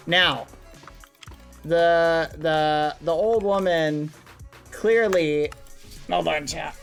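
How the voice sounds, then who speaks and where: A man's voice: fairly high pitch, lively intonation, drawn-out words, long pauses, soft background music. A male streamer telling a rambling, playful story to his live chat, full of fillers and asides.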